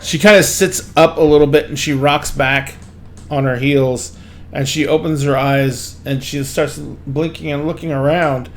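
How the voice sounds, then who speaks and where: A man's voice: on the high side, steady tone, a little slow, a little hiss or hum. A man narrating a tabletop game as game master, in loose, rambling sentences full of fillers.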